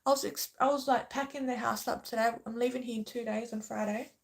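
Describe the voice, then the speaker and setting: A woman's voice: on the high side, steady tone, fast talker, gravelly. A woman hosting a spiritual channel, speaking earnestly and passionately to her viewers, often checking in with "okay?". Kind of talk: emotional spiritual talk to viewers.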